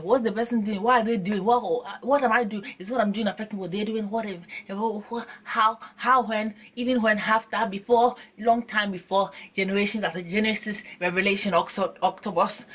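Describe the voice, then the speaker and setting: A woman chatting casually to camera in an animated, dramatic way, often laughing and repeating herself. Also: mid-range voice, moderate pace, hardly any pauses. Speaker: vlogger.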